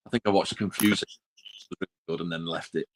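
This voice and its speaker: Deep-voiced man chatting. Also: steady tone, fast talker, a little hiss or hum, low-quality recording. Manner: rambling, self-interrupting, drops into quiet asides. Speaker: podcast co-host. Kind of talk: casual chat.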